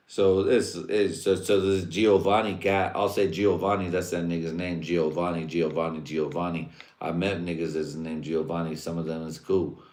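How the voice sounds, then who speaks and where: Deep-voiced profane man rambling. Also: a little mellow. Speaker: livestream host. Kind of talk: casual rambling monologue. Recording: roomy echo.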